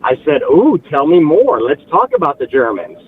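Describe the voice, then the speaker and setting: A man calling in to a talk show, telling a story with animated asides and mimicking relatives. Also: fairly high pitch, normal speed. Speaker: caller. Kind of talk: casual phone-in chat. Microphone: phone. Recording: tinny phone line with faint hiss.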